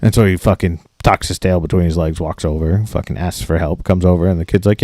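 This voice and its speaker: Man in his late thirties, low voice, swearing rant, dry close sound. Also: steady tone, a little fast, a little mellow, dry recording. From Maine. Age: late 30s. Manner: ranting, swears constantly, acts out both sides of a story. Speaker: podcast co-host. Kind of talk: casual profane storytelling.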